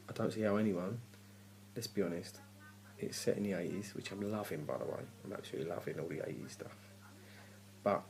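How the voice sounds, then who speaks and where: A man's voice: fairly low pitch, creaky, darkish tone. A man giving a casual, grumpy TV review, ranting and swearing in exasperation. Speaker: TV review vlogger. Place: home at night.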